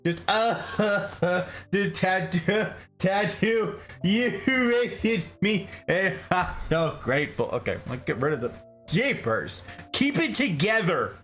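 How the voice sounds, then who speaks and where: A man hosts a live stream and chats casually with his viewers. He greets them one by one and reads their comments aloud in a playful way. His voice sits a little high and swings widely in pitch, with faint music playing underneath. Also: big pitch swings, slow pace, fairly bright tone. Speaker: streamer host.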